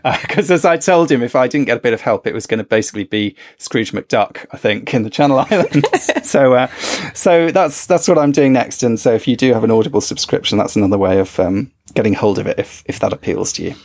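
British male podcast co-host, gravelly, rambling and self-deprecating. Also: mid-range voice, fairly quick, few pauses, a little mellow. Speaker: author and regular podcast co-host. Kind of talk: casual podcast chat.

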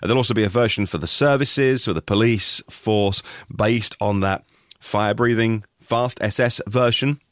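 A man's voice: on the low side, moderate pace, no echo, clean studio sound. A middle-aged man from Norfolk, hosting a daily news podcast in a chatty way with personal asides. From Norfolk, England. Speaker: podcast host.

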